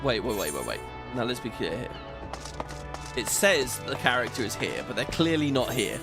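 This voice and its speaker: A man's voice: mid-range voice, very animated, normal speed. A man hosting a casual gaming video, chatting and rambling as he plays and sometimes laughs. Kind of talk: casual let's-play commentary. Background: game music.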